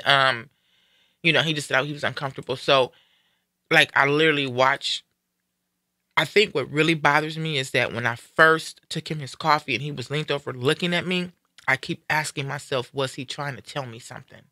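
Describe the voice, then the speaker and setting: Brief: live-stream host, man, very bright and tense tone, dry close sound, earnest and reflective storyteller. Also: medium pitch, dry recording. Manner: earnest, reflective, animated when quoting others. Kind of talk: candid personal storytelling.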